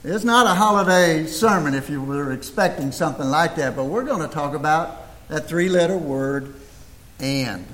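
Folksy older preacher, high voice. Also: male voice. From United States. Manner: homespun, chatty, rhetorical questions. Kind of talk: folksy sermon. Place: church. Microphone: microphone.

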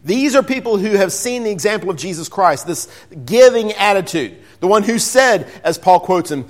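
Earnest preacher man, somewhat high voice. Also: expressive, normal speed, hardly any pauses. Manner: earnest, repeats words while searching for them. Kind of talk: Bible lesson sermon.

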